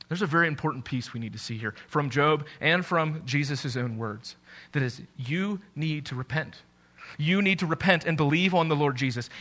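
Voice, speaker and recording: Earnest, bright-voiced male preacher. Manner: earnest, repeats words when restarting, rises in pitch and force when quoting doubters. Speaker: pastor. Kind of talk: sermon.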